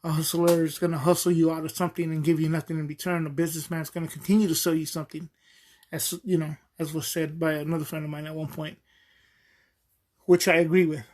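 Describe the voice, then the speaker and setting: A man's voice: a little high, flat delivery, fast, darkish tone. A man hosting a podcast in a casual, rambling monologue, with many fillers and frequent chuckles. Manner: chuckles often while telling stories. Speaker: podcast host.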